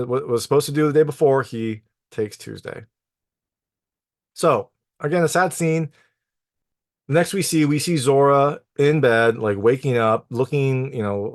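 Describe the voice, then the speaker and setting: A man's voice: lowish voice, no room sound, clean studio sound. A man reviewing a film in a loose, chatty plot recap, full of "like" and "you know.". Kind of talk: casual spoken plot recap.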